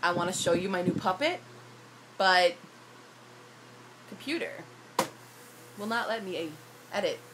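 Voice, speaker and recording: Young woman vlogger, hoarse, frustrated and rambling, slightly low voice; phone recording with loud noise. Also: unhurried, pauses often. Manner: frustrated, rambling, self-deprecating. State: hoarse from shouting. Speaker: YouTuber. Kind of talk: casual vlog rant.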